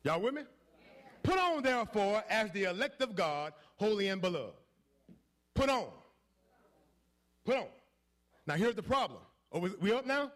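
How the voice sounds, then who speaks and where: A male pastor preaching a sermon, swinging between quiet asides and shouted, repetitive declarations. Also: high voice, big pitch swings, normal speed, long pauses.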